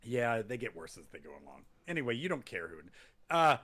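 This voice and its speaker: A man's voice: mid-range voice, sing-song, brisk, bright, forceful tone. A man hosting a wrestling podcast, chatting casually in rambling jokes and acting out quotes in goofy voices. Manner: rambling, joking, acts out quotes in silly voices. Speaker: podcast host.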